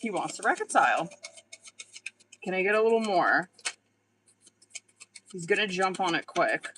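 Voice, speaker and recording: A woman's voice: on the low side, expressive, normal speed, fairly bright tone, low-quality recording. A young adult woman doing a casual live tarot reading, blunt and chatty, swearing freely and laughing often. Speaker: tarot reader.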